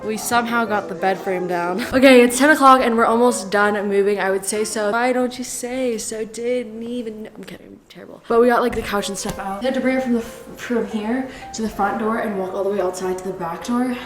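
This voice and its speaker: A woman's voice: medium pitch, fast, soft background music. A teenage girl from Canada vlogging casually about her move, chatty with lots of filler words. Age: late teens. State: out of breath at times. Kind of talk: casual vlog talk to camera. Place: house during a move.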